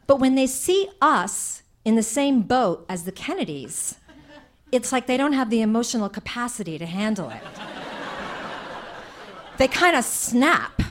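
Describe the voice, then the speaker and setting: Animated comic woman storyteller. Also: a little high, a little slow, long pauses. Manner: lively, comic, animated, with many "like"s. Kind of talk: live personal storytelling.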